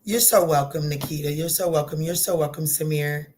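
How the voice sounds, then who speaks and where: A woman giving a casual tarot reading, talking in a chatty, animated way, swearing and joking with her viewers. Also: sits low, fairly quick, a little hiss or hum. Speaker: tarot reader.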